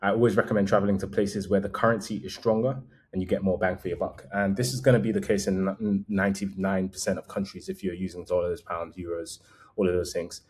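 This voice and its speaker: A man's voice: sits low, little pitch movement, fast talker, darkish tone. A man vlogging casual travel advice in a conversational, meandering way, often correcting himself mid-sentence.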